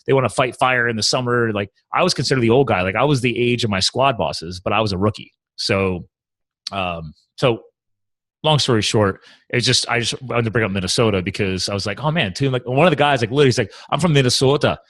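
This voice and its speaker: A man in his thirties hosts a relaxed podcast chat, talking fast and rambling through jokes. His voice sits at an ordinary pitch. The sound is dry and close with no room. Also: no echo. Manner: rambling, jokey, laughs often. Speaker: podcast host. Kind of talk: casual conversational interview.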